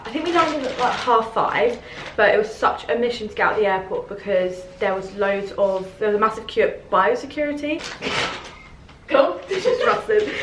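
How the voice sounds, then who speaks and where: Bubbly young woman vlogging on a phone, slightly high voice, roomy sound. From United Kingdom. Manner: chatty, bubbly, laughs often. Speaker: travel vlogger. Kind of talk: casual vlog chat. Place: hotel room. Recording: echoey room, faint background noise.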